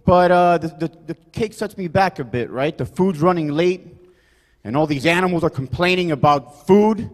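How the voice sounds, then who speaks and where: A man performing a rambling, loud stand-up set, forever adding "you guys" and "right?". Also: on the high side, moderate pace, long reverb tail. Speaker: stand-up comedian. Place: comedy club stage.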